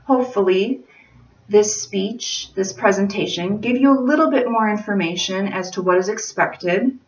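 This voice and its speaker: A woman teacher explaining speech requirements to her students in a clear, deliberate instructional manner. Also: mid-range voice. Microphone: phone camera at a distance. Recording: roomy, distant, dull phone-camera audio.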